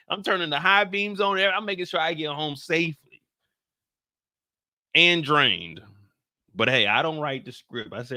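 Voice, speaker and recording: A man hosting a live after-show stream, talking casually with a US Midwestern accent, animated and profane, dropping to low mutters and rising to shouted outrage. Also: brisk, no room sound, clean studio sound.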